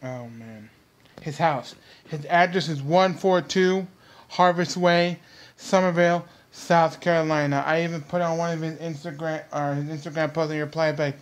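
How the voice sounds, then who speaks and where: A man's voice: on the high side, steady tone, moderate pace. A young man hosting his own vlog, ranting heatedly and repetitively straight at his viewers. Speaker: vlog host.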